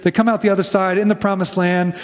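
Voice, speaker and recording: A man's voice: high voice, flat delivery, quick pace, big-room sound. A man preaching a sermon in a casual storytelling way, often slipping into quoted lines. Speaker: pastor.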